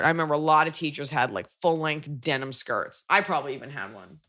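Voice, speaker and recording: A woman's voice: low voice, expressive, a little fast, fairly bright tone. A woman from Texas hosting a podcast, chatting casually in a rambling, wry and blunt way with lots of fillers. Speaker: podcast host.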